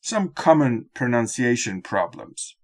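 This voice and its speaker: A man narrating a scripted lesson on exam speaking skills in a measured, instructional way. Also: mid-range voice, sing-song. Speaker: exam-prep teacher.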